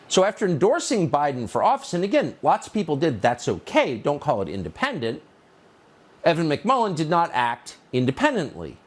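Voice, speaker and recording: A man delivers a scripted commentary monologue with heavy sarcasm and mocking emphasis. His voice is husky and his pitch rises and falls widely. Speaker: political commentator.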